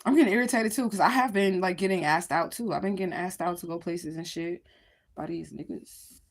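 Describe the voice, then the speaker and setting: Candid, slightly low-pitched woman livestreaming. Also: fairly quick. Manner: candid, rambling, swears freely; addresses viewers directly. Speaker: livestream host. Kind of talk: casual livestream chat.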